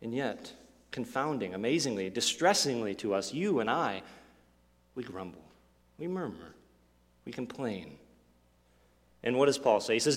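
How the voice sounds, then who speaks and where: A man preaching a sermon as pastor, asking the congregation rhetorical questions and swinging from forceful lines to hushed ones. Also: medium pitch, moderate pace, long pauses, in a large hall. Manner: expressive preaching with rhetorical questions, sudden drops to near-quiet.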